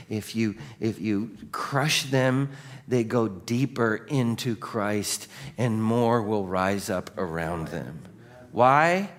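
Animated pastor preaching. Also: male voice, fairly low pitch. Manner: animated, asks the congregation many questions; drops to a quiet, slow voice for solemn points. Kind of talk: sermon.

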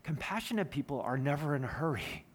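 A man's voice: on the high side, expressive, fast, slightly rough. A man, preaching a sermon in an earnest, conversational way with personal stories. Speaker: pastor.

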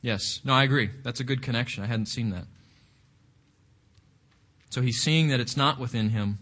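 A man's voice: mid-range voice, moderate pace, fairly bright tone. A man leading an interactive Bible study, reflective, often asking the group questions and repeating words as he thinks.

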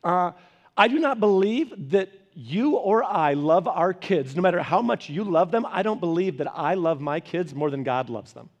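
A man's voice: high-pitched, moderate pace. A middle-aged man, a pastor, giving a conversational sermon, telling family stories and acting out the voices in them. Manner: animated storyteller who acts out quoted voices. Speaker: pastor teaching a Bible study.

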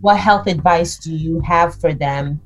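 A woman interviewer asking questions in a measured, unhurried way. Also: fairly low pitch, poor audio.

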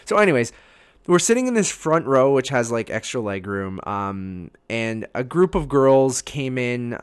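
A man, co-hosting a casual podcast chat, telling a story in an animated way, swearing and acting out his own reactions. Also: medium pitch, unhurried, smooth. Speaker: podcast co-host.

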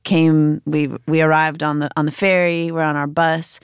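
A woman's voice: sits low, little pitch movement, moderate pace, smooth, no echo, studio quality. A woman from Chicago, a musician guest who thinks aloud in loose, rambling sentences during a casual interview.

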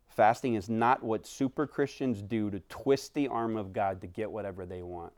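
A pastor, a man in his thirties, preaching a conversational sermon that swings from animated stretches to hushed, quiet passages. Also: on the low side, normal speed, hardly any pauses, no echo.

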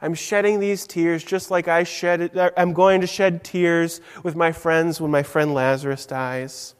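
A man voicing God as a gentle, tender comforter who speaks softly and slowly. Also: a little high, fairly even intonation, clean tone, long reverb tail, lightly acted. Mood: tender, comforting. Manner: soft, slow, reassuring.

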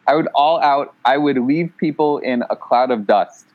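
A man chatting casually over a remote call, playful and quick to laugh. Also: medium pitch, phone-quality sound. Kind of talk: casual chat. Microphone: remote call line.

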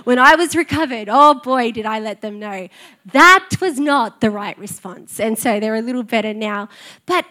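A woman's voice: a little high, expressive, moderate pace, bright, forceful tone. A middle-aged woman, preaching a sermon in an earnest, conversational way and telling personal stories. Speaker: pastor.

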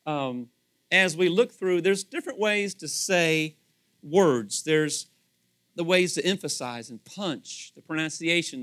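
Animated, high-voiced male preacher. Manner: animated, rhetorical questions, acts out quoted voices. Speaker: pastor. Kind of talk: sermon.

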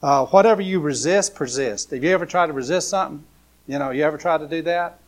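A man's voice: on the high side, fast. A man preaching a casual sermon as a pastor, speaking in a loose, repetitive way with many fillers and rhetorical questions. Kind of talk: conversational sermon.

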